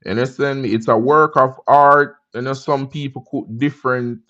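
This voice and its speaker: A man's voice: medium pitch, steady tone, a bit bright, muffled recording. A Jamaican man hosting a casual livestream chat. He answers viewer comments and greets viewers by name. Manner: laid-back, drawn-out, greets viewers by name. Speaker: livestream host.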